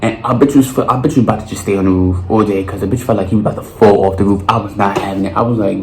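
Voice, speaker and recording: A young man, lively and foul-mouthed as he spins a storytime tale. His voice sits a bit low. It sounds a little roomy, with a faint hiss underneath. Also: very fast, few pauses. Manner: animated, profane storytelling with lots of slang. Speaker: vlogger. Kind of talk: storytime monologue.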